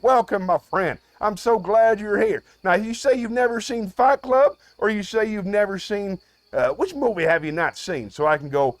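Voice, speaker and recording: Man, high voice, streamer chat, playful, dry close sound. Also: expressive, moderate pace, no echo. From United States. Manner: playful, swings between loud outbursts and low mutters. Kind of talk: live stream chat with viewers.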